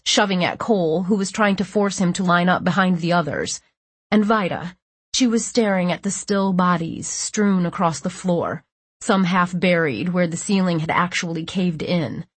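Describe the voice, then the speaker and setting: A woman reading a first-person audiobook narration in a steady, measured way. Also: on the low side, breathy edge, no echo.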